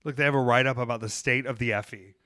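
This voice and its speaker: Animated rambling podcast host. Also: male voice, mid-range voice, fast, dry recording, clean studio sound. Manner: rambling, animated storytelling, swearing. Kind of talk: casual podcast chat.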